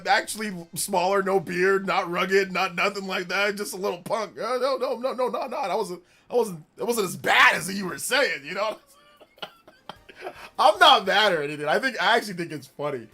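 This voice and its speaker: A man's voice: high-pitched, normal speed, sharp tone. A man from California hosting a casual live stream, chatting with viewers in an upbeat, elevated presentation voice and laughing often. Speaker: streamer hosting a live gaming news show.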